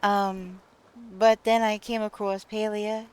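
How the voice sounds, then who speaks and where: A woman with a Long Island New York accent talks casually to her live-stream chat, laughing often between remarks. Her pace is slow and easy, and her pitch sits in a middle range. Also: flat delivery, clean tone.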